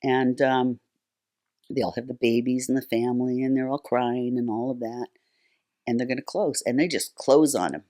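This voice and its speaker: A woman's voice: a bass voice, a little fast, darkish tone. Older woman, interview guest, chatty storytelling, many fillers. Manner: chatty, frequent fillers and restarts. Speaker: guest, nonprofit founder. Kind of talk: conversational storytelling.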